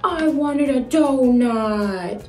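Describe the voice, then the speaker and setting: A whiny little toy fox boy, as a woman puts him on pleads in a high, bouncing voice. He sounds small and eager. The room rings a little, with soft music underneath. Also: expressive, very slow, echoey room, full character voice. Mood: sulky. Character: toy fox, young male, sulky then eager.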